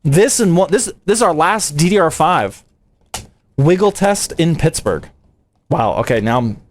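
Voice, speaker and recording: A young man from the United States streams a PC build, his voice sitting a little high for a man. He keeps it slangy and playful, throwing "dude" and "man" at his chat as he works. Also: lively intonation, unhurried, a little hiss or hum. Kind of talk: casual livestream chat while building a PC.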